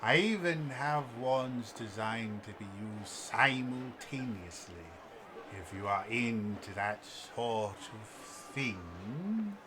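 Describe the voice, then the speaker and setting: A man voicing an elderly, droopy male elf shopkeeper in a tabletop role-play, with a slow, drawn-out sales patter. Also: medium pitch, expressive, background noise. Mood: eager.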